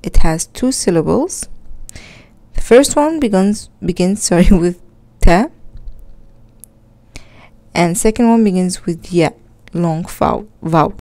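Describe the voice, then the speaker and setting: A woman with a slightly low voice teaches an Arabic grammar lesson. She moves between English explanations and Arabic example words. She often catches her own slips with a quick "uh, sorry.". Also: animated, mellow. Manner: self-correcting, with frequent "uh, sorry" slips. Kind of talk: recorded grammar lesson, reading examples aloud.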